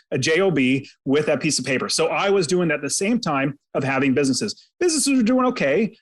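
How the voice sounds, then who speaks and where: A man telling a personal story as a podcast guest, earnest and dramatic, recounting it vividly in the present tense. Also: on the high side. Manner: earnest, faith-inflected. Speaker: podcast guest, real estate investor.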